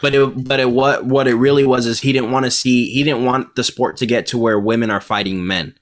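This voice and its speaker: A man's voice: medium pitch, fairly even intonation, brisk. A man co-hosting a casual podcast over a video call. He talks in an easygoing, laid-back way and drops bro and dude into his sentences. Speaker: podcast co-host. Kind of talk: casual chat.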